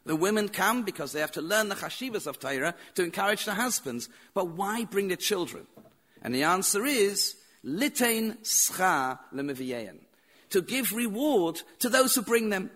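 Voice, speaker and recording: A man's voice: high-pitched, big pitch swings, moderate pace, fairly bright tone. A man teaching a Torah lecture as a rabbi, telling stories with repeated phrases and rhetorical questions.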